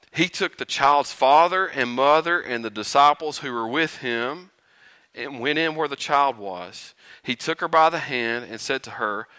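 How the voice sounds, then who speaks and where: A man preaching a sermon, animated and often chuckling, building to rhetorical questions. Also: mid-range voice, normal speed, no room sound, clean studio sound.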